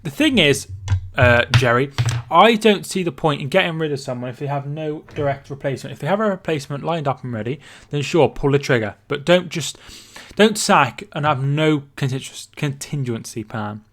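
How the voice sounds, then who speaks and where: A man's voice: fairly high pitch, expressive, moderate pace, few pauses, a bit bright. Scottish man chatting on a live stream. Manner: reads viewer messages aloud and answers them. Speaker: football stream host. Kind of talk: casual livestream chat.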